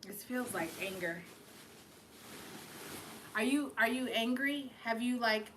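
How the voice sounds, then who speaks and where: Woman, live-stream psychic reader; bright, pressing tone; tearful, rambling, profane. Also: a little high, slow, a little hiss or hum. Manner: emotional, rambling, with frequent swearing and restarts. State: fighting back tears. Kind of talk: live-streamed channeled reading.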